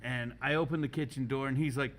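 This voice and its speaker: A man hosting a casual podcast, telling animated, profane stories and laughing often, recorded in a school culinary kitchen. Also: mid-range voice, fast talker. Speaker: podcast host and culinary teacher.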